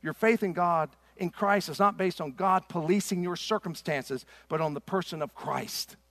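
A middle-aged man preaching a sermon in a church. His delivery is impassioned and swings from loud to hushed. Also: high-pitched, moderate pace, no echo. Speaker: pastor. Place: church sanctuary.

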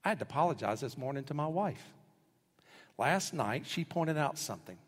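A middle-aged male pastor preaching a sermon, telling stories animatedly and acting out quotes with sudden jumps in pitch. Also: expressive, moderate pace. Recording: husky voice with long hall reverb.

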